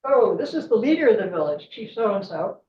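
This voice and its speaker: A woman's voice: medium pitch, sing-song, moderate pace, slight background noise, natural voice. A woman voicing frantic villagers pleading for help in a storytelling talk. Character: panicked villagers over their fallen chief. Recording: echoey room, distant mic, dull sound.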